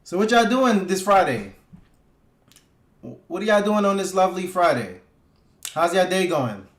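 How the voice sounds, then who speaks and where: A man's voice: sits high, expressive, measured pace. A man hosting a casual livestream, talking loosely and profanely with his viewers and hyping them up. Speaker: livestream host. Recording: echoey room.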